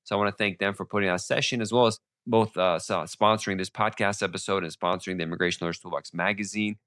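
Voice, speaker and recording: Male podcast host, very low voice, quick and rambling, sore throat, close dry mic. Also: steady tone, a bit bright, no room sound. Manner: fast-talking with many restarts and fillers. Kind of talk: casual monologue on legal updates.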